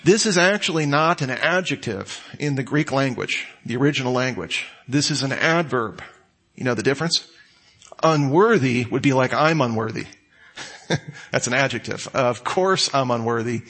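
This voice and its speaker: A man's voice: mid-range voice, expressive, moderate pace, pushed and bright. A man preaching an expository sermon in a church, teaching conversationally with rising emphasis. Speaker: pastor. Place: church sanctuary.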